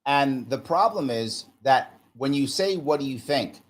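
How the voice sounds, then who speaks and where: A man's voice: animated, unhurried. A man in his forties from the United States, a management consultant talking as a podcast guest, emphatic and fond of acting out little exchanges. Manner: emphatic, acts out little dialogues with rising pitch. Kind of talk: casual conversation.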